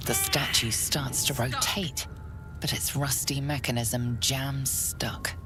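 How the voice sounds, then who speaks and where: A calm fantasy game narrator, with a strikingly low voice and an unhurried, hushed way of telling the story. Each line is measured and solemn, and clear music plays under her words. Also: heavily acted.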